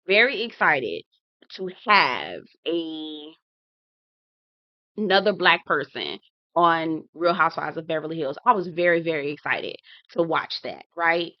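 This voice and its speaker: A woman's voice: sits low, very animated, a little slow, pauses often, no room sound, lo-fi sound. A woman giving casual commentary to her viewers, talking to them directly and acting out her own reactions. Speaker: TV reality show reviewer.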